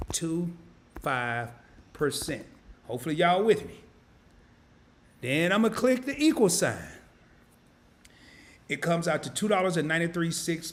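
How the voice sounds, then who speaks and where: A man hosting an investing live stream, casually walking viewers through calculations on screen, thinking aloud and correcting himself as he clicks. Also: a little high. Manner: casual and folksy, talks to viewers as y'all. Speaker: investing channel host.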